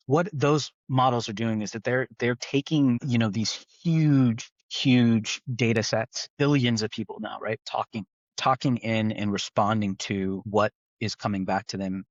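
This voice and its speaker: A man's voice: on the low side, no echo. Podcast guest, man from the East Bay, rambly with "right?" tags, dry dull audio. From East Bay, California. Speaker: tech founder guest. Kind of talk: casual podcast conversation.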